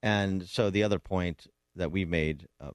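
A man's voice: deep voice, unhurried, smooth, dry recording, studio quality. A man hosting a political talk radio show, speaking emphatically and combatively with frequent restarts.

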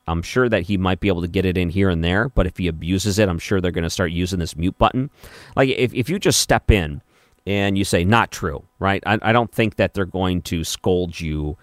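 A man hosting a late-night talk radio show, chatting casually with many restarts and a calm, skeptical tone, in a studio on a studio mic. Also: low-pitched, no echo. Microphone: studio microphone.

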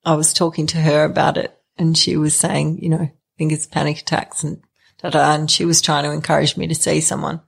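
A woman's voice: deep voice, level tone, fairly quick, creaky, breathy edge. A middle-aged woman telling her own story in an interview, hesitant, with many fillers and restarts. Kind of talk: candid personal storytelling.

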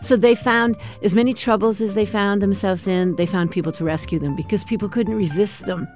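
A woman interviewed about her days as a campaign intern, recalling events fondly and at a measured pace. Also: medium pitch, a little mellow, soft background music. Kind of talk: interview recollection.

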